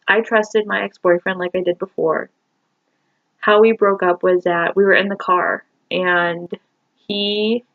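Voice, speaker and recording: A woman's voice: medium pitch, gravelly, dry recording. Rambling young woman on a dull phone mic. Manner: rambling, emotional, full of "like" and "you know". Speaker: vlogger. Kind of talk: personal storytelling to camera.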